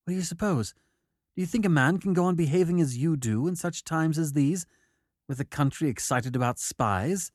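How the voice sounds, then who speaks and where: A man voicing a pale, nervous young English gentleman who talks in a peevish, apologetic way. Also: a little high, lively intonation, normal speed, no room sound, studio quality, voice pushed up.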